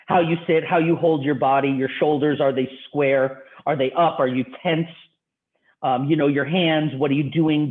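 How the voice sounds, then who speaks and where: A male university instructor with a fairly high voice lectures an online class conversationally, firing rhetorical questions at his students. The audio is tinny, like a phone.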